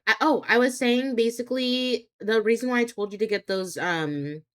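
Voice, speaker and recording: A woman's voice: on the high side, normal speed. A young adult woman live streaming, chatting casually with viewers. She rambles, hesitating and restarting often with many fillers. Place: home streaming setup.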